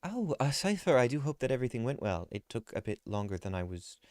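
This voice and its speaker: A man's voice: medium pitch, sing-song, fast, a little mellow, no echo, studio quality, pitched above the performer's own voice, lightly acted. A man voicing an anxious young woman in a tabletop game, rambling and apologizing in a nervous way. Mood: flustered. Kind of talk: tabletop role-play.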